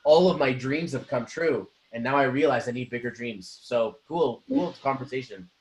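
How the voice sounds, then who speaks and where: A man giving an energetic motivational talk as a co-host, often acting out the voices of the people he quotes. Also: mid-range voice, normal speed, slight background noise. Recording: roomy echo.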